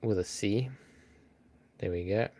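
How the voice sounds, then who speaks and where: A man hosts a live trivia stream in easy, unhurried chat. His voice sits a little low, and he talks slowly, thinking aloud and calling out to viewers by name. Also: mellow. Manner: chatty, thinks aloud, reads out names and greets viewers.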